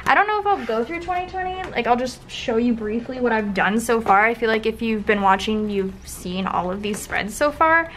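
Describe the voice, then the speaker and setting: A young woman chats her way through old planner spreads, gushing and dropping into soft, breathy asides. Her voice sits a little high. A faint background hiss runs under the home recording. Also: normal speed, hardly any pauses. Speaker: planner vlogger. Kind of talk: casual flip-through commentary.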